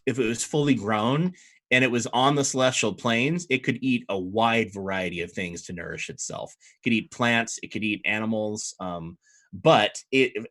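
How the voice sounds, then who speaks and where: Bright-voiced dm guy, rambly, lots of um and like. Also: fairly low pitch. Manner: loose, rambling narration with many fillers. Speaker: dungeon master. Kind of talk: narrating a tabletop game.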